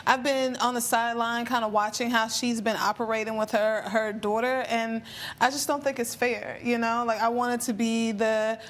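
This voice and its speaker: A woman's voice: fairly high pitch, level tone, moderate pace. A woman defending herself as the aunt on a court show, casual and defensive. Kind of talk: courtroom testimony.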